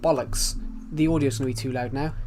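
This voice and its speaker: A man hosting a live game stream, talking casually and in a rambling way to his viewers. His voice sits at an ordinary middle pitch. He greets people and thinks out loud as he reacts to the chat. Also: steady tone, brisk, soft background music.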